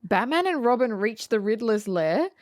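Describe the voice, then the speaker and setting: A woman co-hosting a casual movie-review podcast, recapping the plot in an animated way with frequent swearing and laughter. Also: a little high, moderate pace, dry recording, clean studio sound. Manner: animated storytelling, swears freely, laughs often. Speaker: podcast co-host.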